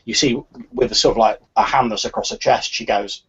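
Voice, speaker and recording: Game master, male, mid pitch, husky, halting narration, lo-fi recording. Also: steady tone, fairly bright tone. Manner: hesitant, full of "sort of" and restarts.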